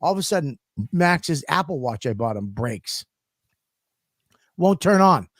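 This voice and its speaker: A male podcast host rants his way through a story, swearing constantly and growing worked up as he goes. His voice is a bit high-pitched, and his pace is measured. The sound is close and dry, with no room sound.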